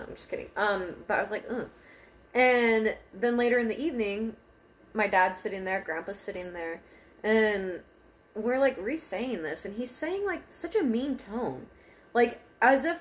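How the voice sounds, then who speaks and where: Young woman, car vlog, candid storytelling, laughs a lot, curses casually, middle pitch. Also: a bit bright. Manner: candid, laughs often, swears freely. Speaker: vlogger. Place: parked car.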